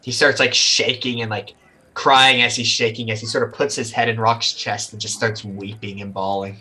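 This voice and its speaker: A man's voice: on the low side, level tone, moderate pace, bright, forceful tone, slightly rough. A man narrating a tabletop game as game master, casual with lots of fillers.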